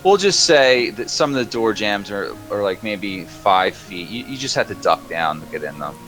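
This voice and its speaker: Man, game master, lower voice, bright tone, lively pitch, rambling casual narration. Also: moderate pace, soft background music. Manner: loose, rambling, lots of fillers.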